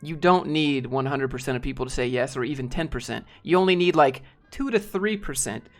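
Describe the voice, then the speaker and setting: A man's voice: mid-range voice, brisk, soft background music. A man talking casually and bluntly to his viewers, rambling with fillers and swearing now and then. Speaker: streamer talking to chat. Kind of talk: casual live-stream chat.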